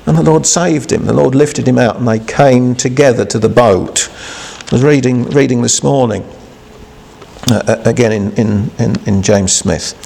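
Man, preacher, informal sermon, gravelly voice, halting, rhetorical questions. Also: medium pitch, a little mellow. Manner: halting, conversational, with many restarts and rhetorical questions.

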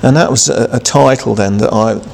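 A man preaching a sermon who reads scripture, then speaks haltingly with many restarts and fillers. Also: mid-range voice, gravelly, a little mellow, in a large hall, slight background noise.

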